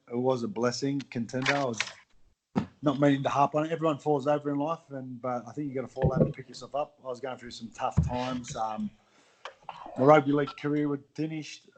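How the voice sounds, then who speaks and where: A man's voice: mid-range voice, fairly even intonation, fairly quick, background noise. A middle-aged man with an Australian accent, telling his story as a podcast guest in a candid, blunt way with some swearing. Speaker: guest, former athlete. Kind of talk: casual podcast chat.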